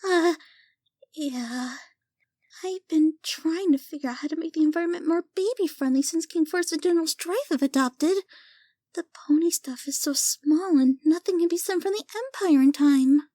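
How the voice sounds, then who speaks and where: A woman's voice: extremely high pitch, normal speed, dark tone, no echo. A woman voicing a timid young castle servant who is flustered and eager to please in a fan audio drama.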